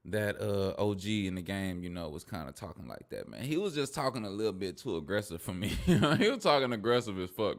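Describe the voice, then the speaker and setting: A man doing casual reaction commentary on hip hop gossip, ranting in profane slang and laughing often. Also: on the low side. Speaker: streamer and commentator.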